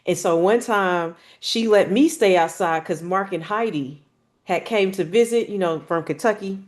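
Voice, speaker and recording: A woman's voice: medium pitch, moderate pace. A woman, co-hosting a casual family chat and telling a childhood story with a laugh. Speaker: podcast co-host.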